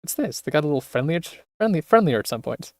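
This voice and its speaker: A man streaming a video game, relaxed and thinking aloud as he plays. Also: a little high, fast, dry recording, clean studio sound. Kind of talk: casual let's-play commentary.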